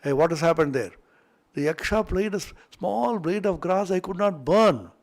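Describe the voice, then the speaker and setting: A man's voice: sits high, lively intonation, moderate pace. A man voicing a proud, hot-tempered male fire god who brags indignantly about his power. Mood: boastful outrage. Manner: boastful, indignant.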